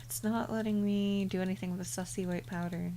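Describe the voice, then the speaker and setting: A woman streaming a game in a soft-spoken ASMR style, quietly playful and muttering to herself. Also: medium pitch, fairly even intonation, a little fast, slight background noise.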